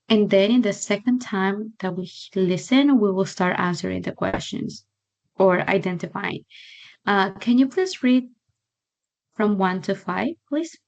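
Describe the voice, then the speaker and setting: A woman's voice: medium pitch, moderate pace, darkish tone, lo-fi sound. A young woman whose first language is Spanish, chatting and laughing as she tutors English online. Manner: chatty, laughs often, fillers like "like" and "so". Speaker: English teacher.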